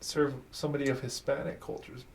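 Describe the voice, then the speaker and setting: A man's voice: medium pitch, level tone, fast, gravelly. A man from New Mexico, a podcast guest, chatting casually and reacting with short surprised questions. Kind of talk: casual chat.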